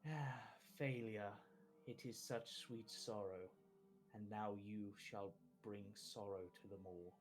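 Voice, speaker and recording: A man voicing a sinister disembodied voice in a dream, in a put-on foreign-sounding accent, with a slow and ominous delivery. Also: lowish voice, fairly even intonation, low-quality recording. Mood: gloating. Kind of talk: narrating a tabletop game.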